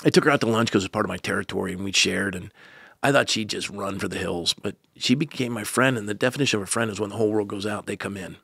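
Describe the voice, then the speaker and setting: Gravelly pastor in his sixties. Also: on the low side, fast, bright, forceful tone, dry recording, studio quality. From United States. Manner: earnest, with joking asides. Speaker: pastor, podcast guest. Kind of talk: personal storytelling in conversation.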